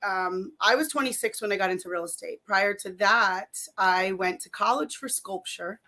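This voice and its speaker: A woman in her forties, a guest in a casual interview, chatty and a little hoarse from a recent cold. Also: medium pitch, moderate pace, bright, forceful tone. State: slightly hoarse from a chest cold.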